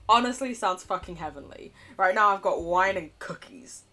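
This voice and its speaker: A woman's voice: on the low side, animated, moderate pace, sharp tone. A young woman streamer reading a dating game aloud and reacting with laughter and swearing. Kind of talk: casual game commentary and reading.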